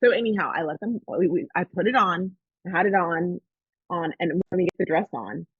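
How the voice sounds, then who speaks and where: A woman's voice: fairly low pitch, a little fast, husky, no room sound, phone-quality sound. A woman hosting a podcast, telling a personal story in casual chat and acting out the voices of the people in it. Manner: animated storytelling, acts out quoted voices. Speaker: podcast host.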